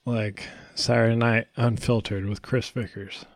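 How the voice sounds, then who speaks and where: A man's voice: mid-range voice, level tone, a little slow, no echo. Chill guy on a podcast, kinda mumbly, mid voice. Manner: laid-back, mumbling, backpedals. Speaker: podcast host and editor. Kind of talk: casual chat.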